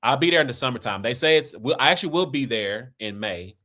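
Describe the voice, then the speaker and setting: A mid-range, bright, forceful male voice comes through animated and fast. The speaker, a podcast host from Kansas City with an American accent, keeps the casual talk loose and rambling, ending points with "right?" and "man."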